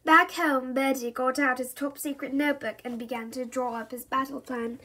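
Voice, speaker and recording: A woman reads a children's chapter book aloud in a high voice. Her narration is expressive and playful, and it leans into the dramatic beats. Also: moderate pace, hardly any pauses, slight background noise. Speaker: reader.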